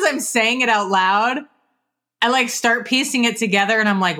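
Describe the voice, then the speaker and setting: A woman's voice: a little high, normal speed, bright, forceful tone. A woman co-hosting a podcast, chatting in a wry, teasing way and laughing along with her friend. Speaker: podcast co-host. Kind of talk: casual chat.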